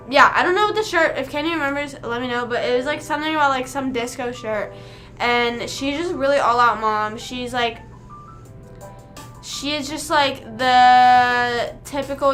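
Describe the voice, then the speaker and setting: Rambling and chatty, a young woman livestreams to her viewers, her talk full of "like" fillers. Her voice is fairly high-pitched with a sharp tone.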